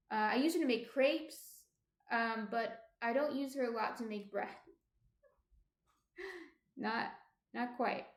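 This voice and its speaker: A woman with a New Jersey accent chatting casually with her live-stream viewers as she bakes at home, often trailing off with ums. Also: on the high side. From New Jersey, USA. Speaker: baking streamer. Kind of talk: casual live-stream chat while baking. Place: home indoors near kitchen. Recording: roomy echo.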